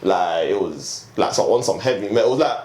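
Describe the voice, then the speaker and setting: A man's voice: lowish voice, a little fast. A young man, a guest DJ telling a story in slangy, casual chat with frequent laughs. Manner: slangy, animated, laughs often. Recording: roomy echo, faint background hum.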